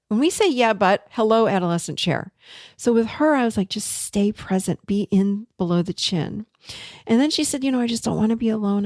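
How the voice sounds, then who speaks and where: A middle-aged woman therapist telling a client story in a casual teaching talk, animated and emphatic. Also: medium pitch, gravelly, no room sound, clean studio sound. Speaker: therapist and podcast host.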